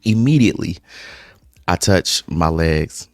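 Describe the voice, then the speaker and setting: A man vlogger telling a casual, profane storytime while eating, lively and animated in his telling. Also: deep voice, unhurried, no echo, studio quality. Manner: speaks through eating breaks. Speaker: mukbang vlogger.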